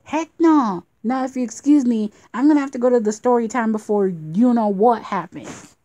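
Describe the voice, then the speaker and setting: A woman's voice: a little high, a little fast, mellow. A woman in playful home role-play, sassy and squealing, breaking into meows between lines.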